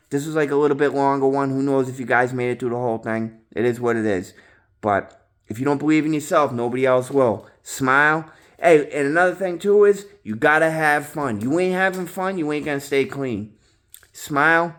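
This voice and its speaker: A man rambles to his viewers in a loose, unscripted vlog, piling on slang, curses and fillers like "you know" and "man." His voice sits at an ordinary middle pitch, and he jumps loud and high whenever he acts out his own past yelling. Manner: rambling, heavy slang and swearing, lots of fillers. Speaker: vlogger in recovery. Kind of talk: casual monologue to camera.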